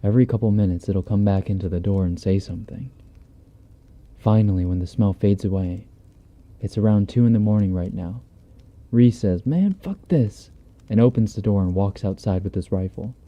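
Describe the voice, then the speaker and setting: A man's voice: lowish voice, steady tone, a little fast, warm tone. A man reading a horror story aloud on a stream in a laid-back, profane, conversational way, close on a binaural mic. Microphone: binaural dummy-head mic.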